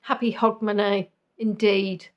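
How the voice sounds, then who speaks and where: A woman's voice: medium pitch, flat delivery, measured pace, dull audio. A woman hosting a live-stream quiz in a casual chat, giggly and jokey with rambling asides. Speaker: quiz host.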